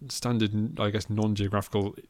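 A man's voice: lowish voice, little pitch movement, moderate pace, a little mellow, no room sound. A man, co-hosting a casual podcast about films, chatty and amused, often restarting his sentences. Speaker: podcast co-host. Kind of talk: casual film chat.

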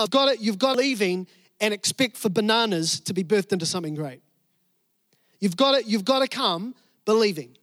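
Man, preacher, high voice, dry close mic, animated, repeats for emphasis. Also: no echo. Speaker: pastor. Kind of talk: sermon. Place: church service room.

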